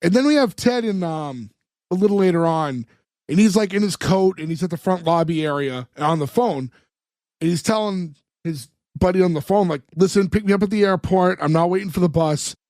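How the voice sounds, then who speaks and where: Male podcast co-host, slightly higher voice, retells scenes and plays out the dialogue, dry close sound. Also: brisk, a little mellow, no echo. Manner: retells scenes, acting out the characters' lines. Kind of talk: casual chat recapping a sitcom episode.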